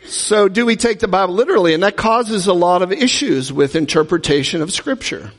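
A man's voice: high voice, lively intonation, a little fast, long reverb tail. A man preaching a teaching sermon, talking in a conversational way and often asking the audience questions. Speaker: pastor teaching a Bible class.

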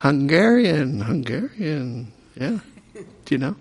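A man's voice: fairly high pitch, sing-song, normal speed, a little mellow, slightly rough. A man preaching a sermon, repeating aloud each answer called out by the congregation. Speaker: pastor. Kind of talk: sermon with audience call-and-response. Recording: echoey hall reverb.

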